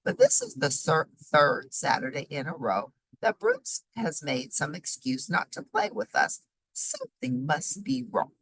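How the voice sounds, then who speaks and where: A woman's voice: sits low, wildly swooping pitch, measured pace, slightly rough, dry recording, full character voice, poor audio. A woman playing a zippy squirrel girl. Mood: pressing, concerned. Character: lively, quick young female squirrel.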